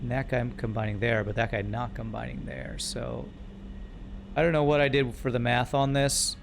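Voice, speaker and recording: Guy streaming a game, talking himself through the math, mid pitch, keeps restarting. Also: level tone, normal speed, gravelly, slight background noise. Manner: thinking aloud through math, self-correcting. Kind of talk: live gameplay commentary.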